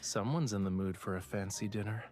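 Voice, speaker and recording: An actor voicing a charming young man at a fancy dinner in a game, smooth and playfully teasing. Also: fairly low pitch, a little fast, a little mellow, faint music behind, lightly acted.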